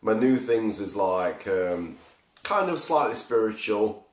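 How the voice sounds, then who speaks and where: A man with a very low voice hosts a casual podcast chat. He muses and rambles with plenty of fillers, and the room around him is echoey. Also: expressive, slow. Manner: reflective, rambling, with many fillers. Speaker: podcast host.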